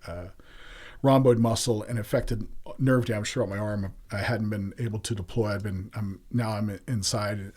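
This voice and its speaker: A man's voice: fairly low pitch, a little mellow. A middle-aged man telling a personal story as a podcast guest, candid and earthy, growing emotional as he speaks.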